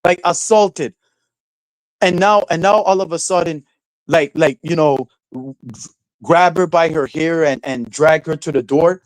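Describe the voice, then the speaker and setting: A young man rants on his live stream, swearing and breaking into a high mocking falsetto to jeer. His voice sits a little high for a man, and it is recorded close and dry with no room sound. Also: unhurried, no echo, poor audio. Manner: ranting, profane, mocking, falsetto mimicry of quotes. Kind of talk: casual live-stream rant.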